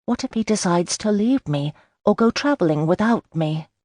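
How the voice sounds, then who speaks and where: A woman's voice: medium pitch, lively intonation, moderate pace, darkish tone, no echo, studio quality, pitched above the performer's own voice, close to an everyday voice. A woman voicing a frank, fretful young Regency bride in an audiobook, talking in an earnest, somewhat defensive way. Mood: uncertain. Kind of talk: audiobook character voice.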